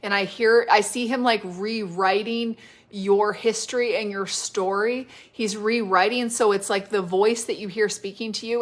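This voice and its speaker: A woman giving spontaneous prophetic ministry on a live stream, speaking gently and haltingly, repeating her phrases and filling pauses with "like" and "you know". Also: mid-range voice. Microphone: live-stream device mic.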